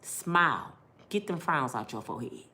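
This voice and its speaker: Lively middle-aged woman giving heartfelt advice. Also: deep voice, normal speed. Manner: animated, preachy, big-sister tone. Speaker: vlogger giving life advice.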